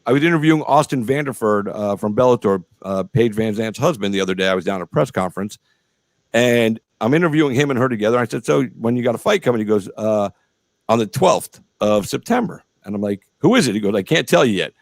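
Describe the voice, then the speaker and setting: A middle-aged man with a lowish, gravelly voice hosts a casual interview show over a video call, speaking quickly with no room sound. He rambles in long stretches packed with fillers and swearing.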